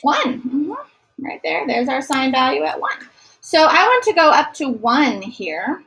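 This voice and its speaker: A woman's voice: high voice, expressive, a little slow, creaky, fairly bright tone, poor audio. A woman teaching a math lesson to a class, encouraging and sometimes singing short note patterns. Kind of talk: classroom lecture.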